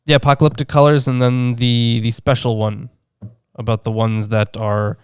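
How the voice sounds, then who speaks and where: A man co-hosting a podcast, reading passages of an old text aloud and commenting as he goes. His voice is smooth and clear at an ordinary pitch, and the delivery is casual, with fillers and restarts. The sound is close and dry. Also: level tone, moderate pace, no echo. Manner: reads aloud with fillers and restarts, laughs easily.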